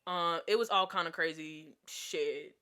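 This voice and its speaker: A woman's voice: low voice, unhurried, pushed and bright. A young woman telling a casual storytime vlog, chatty and exasperated, with lots of filler words. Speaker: vlogger.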